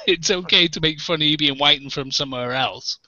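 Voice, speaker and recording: A man's voice: on the high side, moderate pace, sharp tone, no room sound, highs cut off. A man with an English accent, telling a story in casual chat over a video call and laughing through his lines. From England. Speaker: panelist on an online hangout show.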